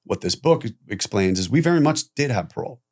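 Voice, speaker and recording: A man guest on a podcast telling his own story candidly, animated, acting out quoted voices and swearing casually. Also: medium pitch, brisk.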